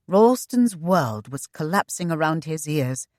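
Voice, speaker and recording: Low-voiced expressive woman narrator. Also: measured pace, no echo, clean studio sound. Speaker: audiobook narrator. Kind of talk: scripted narration.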